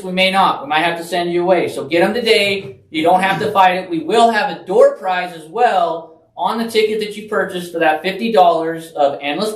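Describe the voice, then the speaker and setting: A person on a radio talk show, earnestly promoting a charity event in a casual way. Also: female voice. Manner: earnest, rapid promotional pitch. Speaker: event organizer guest. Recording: roomy, distant mic.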